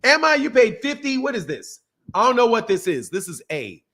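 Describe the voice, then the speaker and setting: A man's voice: very high voice, big pitch swings, moderate pace, bright, forceful tone, slightly rough. A man hosting a live-streamed boxing talk show, reading super chats and firing back at trolls, often repeating himself. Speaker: boxing channel host.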